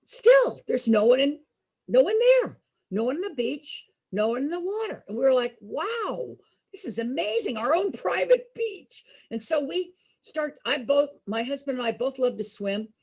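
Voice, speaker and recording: A middle-aged woman entertainer tells a group a story from her own life, animatedly performing the voices of the people she quotes. Her voice is high and slightly breathy, at a normal speed.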